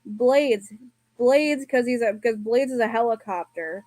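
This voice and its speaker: Monotone woman with halting restarts. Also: fairly high pitch, slight background noise. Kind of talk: casual chat.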